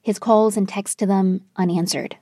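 A woman news correspondent reading a scripted report in a measured, even way. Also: medium pitch, husky, no room sound, clean studio sound.

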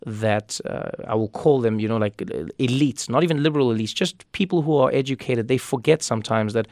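A man from Africa, a comedian giving thoughtful, animated interview answers in his thirties. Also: medium pitch, brisk, no echo, studio quality. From South Africa. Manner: thoughtful, animated, frequent restarts. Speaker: comedian and talk show host as guest. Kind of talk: reflective conversational interview answers.

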